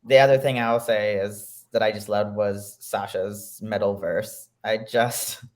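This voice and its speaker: A man's voice: fairly low pitch, fairly even intonation, a little slow. A man co-hosting a podcast, chatting casually and animatedly, peppering his talk with "like" and mock-outraged asides. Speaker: podcast co-host. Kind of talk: casual chat.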